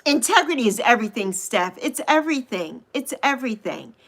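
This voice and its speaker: A woman in her sixties hosting a casual livestream, chatting with viewers and gushing over them with drawn-out coos. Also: fairly high pitch, very animated, vocal fry, a bit bright. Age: 60s. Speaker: livestream host. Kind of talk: casual livestream chat reading viewer comments.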